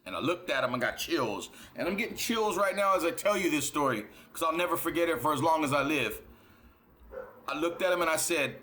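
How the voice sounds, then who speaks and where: A man's voice: a little high, animated, moderate pace, sharp tone. A man hosting a reaction channel, talking in a blunt, profane, emphatic way and often repeating words as he rants and tells a story. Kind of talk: casual reaction monologue.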